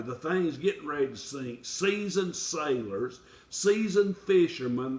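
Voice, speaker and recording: A man is preaching a folksy sermon, and his voice sits a bit higher than most men's. He builds to impassioned appeals. He is heard from a distance in a roomy, echoing space. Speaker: pastor. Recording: echoey room, from far off.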